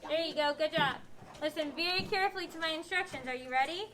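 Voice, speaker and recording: Woman, North Missouri accent, teacher, very high voice, firm classroom directions, noisy classroom recording. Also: fast. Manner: firm, clear step-by-step directions to children. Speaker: elementary school teacher. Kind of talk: classroom spelling instruction. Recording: classroom recording with background noise. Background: children in the class.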